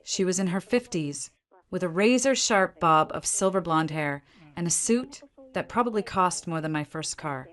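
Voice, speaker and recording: A woman giving a steady, measured first-person story narration. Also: fairly low pitch.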